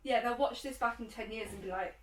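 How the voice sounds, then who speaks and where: A woman's voice: a little high, fairly quick. A woman co-hosting a podcast, telling stories in casual chat and acting out other people's voices as she goes. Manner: animated storyteller who acts out other people's voices. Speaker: podcast co-host. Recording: roomy, distant from the mic.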